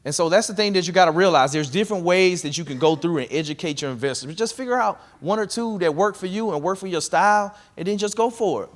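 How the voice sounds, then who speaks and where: A man giving a live workshop talk on real estate investing to a room, energetic and conversational, coaching the audience directly. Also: high-pitched, fast, hardly any pauses.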